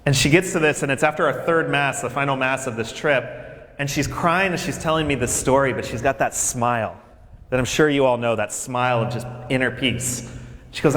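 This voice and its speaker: A man working as a campus minister gives a lively, conversational speech to new students, telling stories and speaking directly to the audience. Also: mid-range voice, moderate pace. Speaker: campus minister for faith and justice. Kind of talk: speech to incoming freshmen at orientation. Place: large hall. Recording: echoey hall with long reverb.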